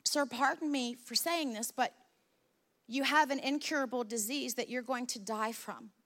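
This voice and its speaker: A polite servant answers calmly and plainly in a high, bright voice, as a woman preacher plays him. His tone stays patient and matter-of-fact. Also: normal speed. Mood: gentle.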